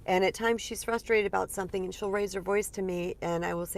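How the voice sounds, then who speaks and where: A woman in her forties coaches her listeners in a relaxed, conversational way. She sounds earnest and lively and keeps checking in with her audience. Her voice sits at an ordinary middle pitch for a woman. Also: fast, gravelly, few pauses. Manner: earnest, lively, uses many fillers. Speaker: spiritual empowerment coach. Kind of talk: casual teaching monologue.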